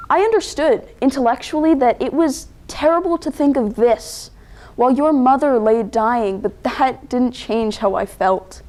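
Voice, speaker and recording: A teenage girl performing a dramatic interpretation, narrating with deliberate pauses and emotion. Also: high-pitched, darkish tone. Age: teens. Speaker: student competitor.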